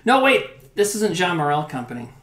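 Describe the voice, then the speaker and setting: A man's voice: high-pitched, sing-song, normal speed, fairly bright tone. A man streaming live while cooking in his home kitchen, rambling, swearing now and then, and chatting with his viewers. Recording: roomy kitchen with faint background noise.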